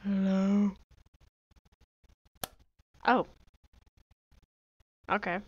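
A woman gaming video creator gives casual let's-play commentary, chatting, joking, and talking to herself as she plays, with some jokey pleading. Her medium-pitched voice is flat and very slow, and the muffled recording has no echo.

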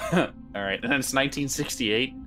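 A man's voice: mid-range voice, moderate pace, music in the background. A man playing a tabletop horror game, casual and rambling, swearing freely. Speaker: player. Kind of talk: tabletop role-play chat.

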